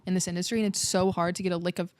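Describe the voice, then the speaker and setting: A woman's voice: lowish voice, steady tone, rapid-fire, no room sound. Gushing woman podcast host, dry sound. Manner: effusive, emotional, gushing. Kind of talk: casual interview chat.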